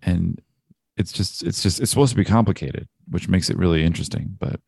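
A man with a very low, gravelly voice talks through a film in casual conversation. He gets animated, acting out bits of dialogue and laughing as he goes. The sound is dry and close, with no room echo. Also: brisk. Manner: animated, acts out quoted dialogue, laughs often. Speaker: film discussion co-host.

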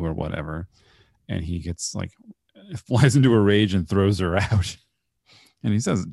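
Male podcast co-host, low gravelly voice, wry storyteller, dry close recording. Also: normal speed, a little mellow, dry recording. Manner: wry, storytelling, laughs often. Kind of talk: casual movie review chat.

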